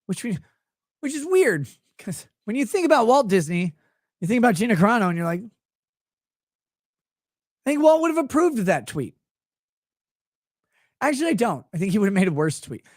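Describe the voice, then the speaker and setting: A man's voice: high-pitched, sing-song, normal speed, pauses often, a little mellow, no echo, clean studio sound. Profane sarcastic man ranting live. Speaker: show host. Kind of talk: profane livestream rant. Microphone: streaming desk microphone.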